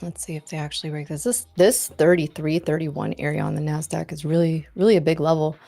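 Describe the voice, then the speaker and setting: A woman with a fairly low voice co-hosting a live futures stream. She chats loosely and thinks aloud about price action, with faint music in the background. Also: fairly even intonation, fairly quick, gravelly, warm tone. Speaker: co-host of a live trading show. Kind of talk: casual live-stream market commentary.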